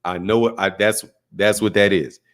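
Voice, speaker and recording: A man's voice: lowish voice, fairly even intonation, moderate pace. A man from the United States hosting a boxing channel, chatting casually on a live stream, boastful and joking, swearing freely.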